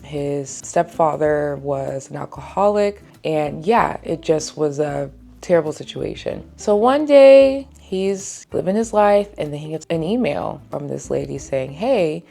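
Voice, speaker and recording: A woman's voice: fairly low pitch, vocal fry, darkish tone. A woman book vlogger in a casual reading wrap-up, telling stories in a chatty way with lots of filler words. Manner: chatty storytelling, frequent "like" fillers.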